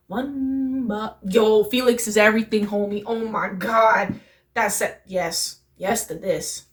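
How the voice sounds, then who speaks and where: A young woman hosting a reaction video, gushing in excitable, slangy exclamations as she reacts. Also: mid-range voice. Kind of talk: excited casual reaction commentary. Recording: distant mic with music playing behind.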